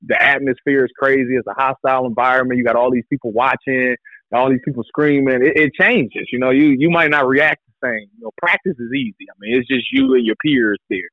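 Laid-back former defensive back, dry radio sound. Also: male voice, mid-range voice, dry recording, narrow, tinny audio. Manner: loose, laughing, drawn-out storytelling. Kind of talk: casual interview talk.

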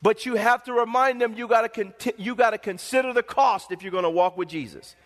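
A man's voice: high-pitched, fairly quick, fairly bright tone. A male pastor preaching a sermon in an emphatic, repetitive, call-and-response manner, with a long hall reverb.

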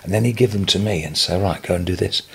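Older English businessman, husky, low-pitched, lively storyteller, podcast guest. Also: fast talker. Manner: animated anecdotal storytelling, chuckling. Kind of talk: storytelling interview.

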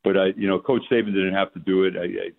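An older New York-area man, a former NFL coach, calls in as a guest on a casual sports radio interview. His deep, gravelly voice barely moves in pitch and sounds thin and phone-like over slight background noise. He speaks haltingly, restarting sentences and filling gaps with "uh" and "you know."

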